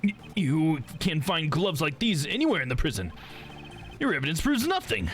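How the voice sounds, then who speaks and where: A man's voice: fairly high pitch, sing-song, normal speed, faint music behind, voice pushed up. A man voicing a defensive male prisoner suspect who stammers through indignant denials. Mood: defiant.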